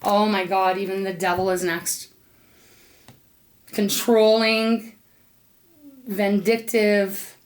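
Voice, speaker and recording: A woman's voice: mid-range voice, flat delivery, slow, long pauses. Earnest woman reading tarot cards. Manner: earnest, emotional, speaking straight to the viewer; talks aloud to Spirit between cards. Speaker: tarot reader. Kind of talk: unscripted intuitive tarot reading.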